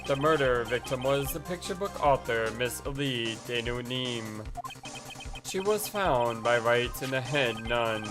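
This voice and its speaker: A woman voicing a cool, aloof adult man who speaks in a calm, dry, measured way. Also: very deep voice. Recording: game music playing underneath.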